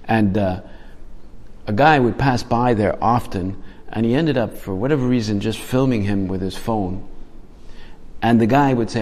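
A lowish-pitched male priest speaks in an unhurried, reflective way, as if thinking aloud with his listeners. He often circles back and restarts a phrase. His voice trails off into a long reverberant tail. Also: expressive, dark tone. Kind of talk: homily.

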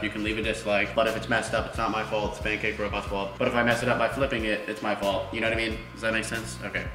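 A young man hosting a casual vlog, playful and excitable as he chats with his viewers. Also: lowish voice. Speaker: YouTube vlogger. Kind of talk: casual vlog talk to camera. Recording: roomy echo with music bed.

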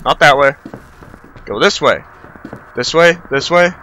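A young man playing through a horror game, his voice bright and fairly high. He talks slowly, mumbling nervously while he explores and breaking into panicked yelling when something chases him. A faint hum of noise sits under the recording. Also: animated, low-quality recording. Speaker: gaming channel host. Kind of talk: horror game let's play commentary.

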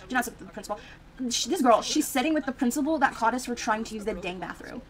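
A young woman streams her Sims gameplay, chatting casually and reacting out loud with plenty of fillers. Her voice is slightly high, with lively intonation and a quick pace, though the audio quality is poor.

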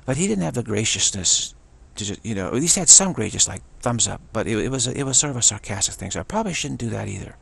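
A man's voice: lowish voice, lively intonation, quick pace, gravelly, few pauses, a bit bright, breathy edge. A man giving a solo spoken commentary, rambling earnestly and often repeating and restarting his phrases. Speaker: channel host.

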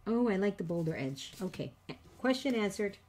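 In a casual crafting video, a middle-aged woman talks to viewers about papercraft in a mid-range, slightly mellow voice that's very animated and moderately paced. Slight background noise is present as she chats and teases herself over nervous mistakes.

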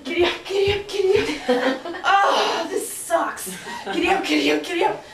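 A woman's voice: extremely high pitch, normal speed, over music. A woman comedian playing a sassy, crude young Mary in a live one-woman sketch, talking in a brash, giggly, exaggerated way. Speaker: stand-up comedian. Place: stage before a live audience. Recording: distant roomy live stage with audience laughter.

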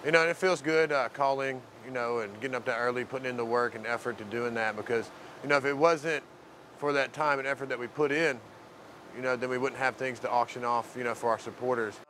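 A man's voice: medium pitch, steady tone, quick pace, sharp tone, slight background noise. A man from the mainland talking loosely in an interview about his work with the program, rambling and leaning on filler phrases. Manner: loose, rambling, leans heavily on "you know". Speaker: program resident and volunteer. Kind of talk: casual interview talk.

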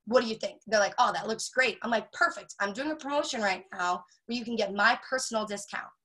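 A woman giving a casual sales training talk, chatty and animated, acting out customer chats with lots of filler words. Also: a little high, a little fast, poor audio.

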